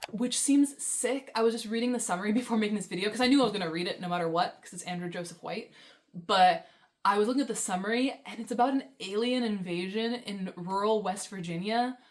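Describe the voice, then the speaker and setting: A young woman vlogging about books in a casual, rambling, enthusiastic way, with many fillers and laughs. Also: medium pitch. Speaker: book vlogger. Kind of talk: casual chat.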